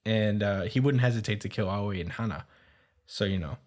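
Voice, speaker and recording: A man's voice: on the low side, normal speed, a little mellow. A man hosting a podcast, casually recapping a comic's plot with many fillers, stumbles and chuckles. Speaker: podcast host.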